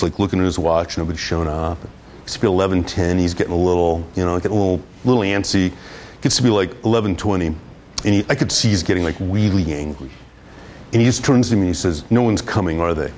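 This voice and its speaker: Speaking to a class as a guest lecturer on public relations, a man recounts a lively story, frequently repeating himself and starting over. His voice sits low, and there's slight background noise.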